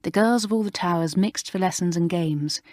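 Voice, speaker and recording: A woman narrates a storybook in a calm, even reading voice. Her pitch sits on the low side. The recording is dry and close, with no room sound. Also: moderate pace, no echo. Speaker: audiobook narrator.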